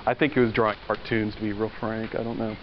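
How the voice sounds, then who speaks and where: A university lecturer with a lowish voice and flat delivery talks fast through a classroom lecture. He keeps it conversational, putting questions to the class and telling stories, in a dull lo-fi recording with faint noise.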